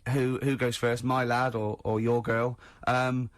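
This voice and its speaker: A male radio host running a quiz in a halting way, stumbling through ums and restarts with sardonic asides. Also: medium pitch, level tone, no room sound, studio quality. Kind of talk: hosting a quiz on talk radio. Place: radio studio.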